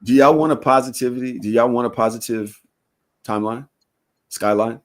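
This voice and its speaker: A man co-hosting a podcast in casual chat, teasing and animated, with loud bursts. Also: medium pitch, normal speed. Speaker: podcast co-host.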